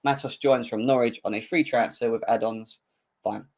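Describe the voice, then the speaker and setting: A young man hosting a live football fan stream, bantering and mocking rival fans in slangy, excitable talk. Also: normal speed. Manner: mocking banter, slangy, laughs often, mimics rival fans in squeaky voices. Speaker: football channel host.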